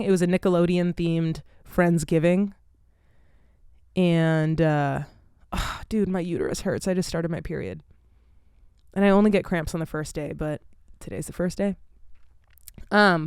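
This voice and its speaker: A woman's voice: medium pitch, clean tone, no echo, studio quality. A young woman, telling stories in a casual vlog chat, candid and swearing freely, with lots of filler "like". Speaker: vlogger.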